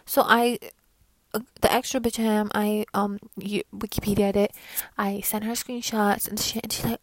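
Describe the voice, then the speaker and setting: A woman's voice: fairly high pitch, steady tone, normal speed, no echo. Profane ranting New young woman. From New York. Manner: profane, ranting, gets loud when riled up. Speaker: vlogger. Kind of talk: casual Q&A chat.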